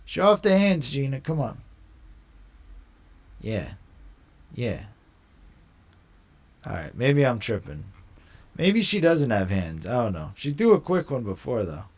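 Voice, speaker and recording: A young man hosting a casual live stream, talking in a slangy, rambling way and quick to mock. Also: mid-range voice, huge pitch swings. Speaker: livestream host.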